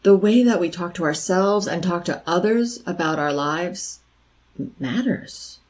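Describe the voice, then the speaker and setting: A woman's voice: fairly low pitch, unhurried, a little mellow, rough recording. A middle-aged woman giving encouraging, conversational advice straight to the camera, repeating her key phrases for emphasis. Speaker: life coach vlogger. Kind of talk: direct-to-camera advice talk.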